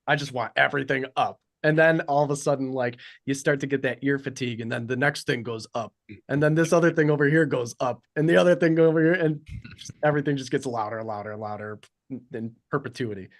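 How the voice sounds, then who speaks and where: A man's voice: mid-range voice, quick pace, creaky. Chatty man joking about himself. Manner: self-deprecating, chatty.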